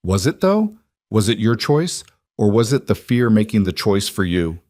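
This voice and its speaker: A man's voice: on the low side, lively intonation, moderate pace, darkish tone, no room sound, studio quality, lightly acted. A man voicing a guarded woman executive who asks clipped, pressing questions. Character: guarded woman CEO, sharp and controlled.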